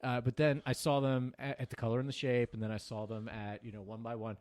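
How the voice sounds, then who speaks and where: A man's voice: medium pitch, little pitch movement, fast talker, darkish tone. A man co-hosting a podcast, chatting casually and telling rambling stories with acted-out quotes. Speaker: podcast co-host. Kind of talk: casual chat.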